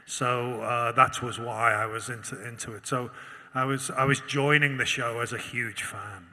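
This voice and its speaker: A man's voice: medium pitch, steady tone, normal speed, pushed and bright. A man from the United Kingdom answering questions as an actor on a convention panel, thoughtful and rambling, with many restarts. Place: large convention auditorium. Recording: long hall reverb.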